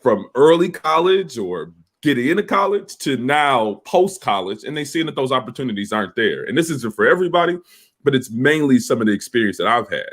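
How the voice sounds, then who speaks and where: A man with a deep morning voice, a cybersecurity professor on a panel, telling stories in a relaxed way. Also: fairly quick. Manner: relaxed storyteller, laughs easily. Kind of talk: casual panel chat.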